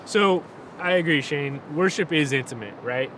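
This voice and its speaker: Man, slightly high voice, earnest, emphatic, scripture reading, faint traffic rumble. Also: moderate pace, fairly bright tone, rough recording. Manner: earnest, emphatic, says "right?" often. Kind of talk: casual chat and scripture reading.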